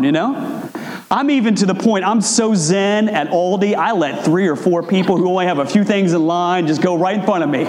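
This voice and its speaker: A man preaching a sermon in a conversational way, acting out quotes with big swings in pitch. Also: expressive, brisk. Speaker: pastor. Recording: echoey hall with long reverb.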